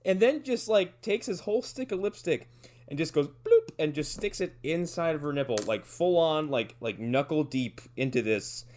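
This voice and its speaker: A man's voice: fairly high pitch, sing-song, unhurried, darkish tone. A man co-hosting a podcast, chatting casually, joking and acting out characters' lines sarcastically. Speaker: podcast co-host.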